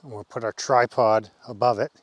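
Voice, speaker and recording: A man's voice: medium pitch, steady tone, moderate pace, dry recording. A man from Canada showing a friend how to set up a fire pit at a woodland camp, practical and matter-of-fact. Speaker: bushcraft guide. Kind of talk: casual outdoor explanation. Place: woodland campsite outdoors.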